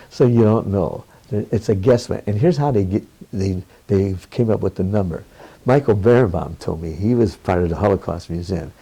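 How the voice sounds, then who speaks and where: Gravelly older man telling frank stories. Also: on the low side, poor audio. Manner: animated, laughs often, quotes others in raised voice. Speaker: interviewee. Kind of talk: candid storytelling interview.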